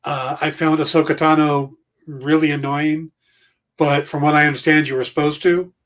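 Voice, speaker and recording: Relaxed man with a slightly high voice. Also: moderate pace. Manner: relaxed, hesitant, with fillers. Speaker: podcast co-host. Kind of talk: casual chat.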